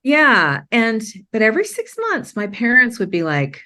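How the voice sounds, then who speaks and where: A middle-aged woman from Maine, a podcast guest telling her story candidly, rambling with many restarts and quick laughs. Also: fairly high pitch, big pitch swings, sharp tone.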